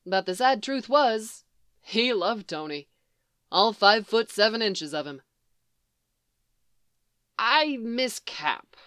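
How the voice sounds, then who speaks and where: A woman reading fan fiction aloud in an even storytelling manner. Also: mid-range voice, measured pace, clear, resonant tone, dry recording, studio quality. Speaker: reader.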